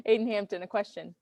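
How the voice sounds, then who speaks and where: A woman teacher, running a review game for her online class in a playful, teasing, animated way. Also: fairly high pitch, a little hiss or hum. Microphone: computer mic on video call.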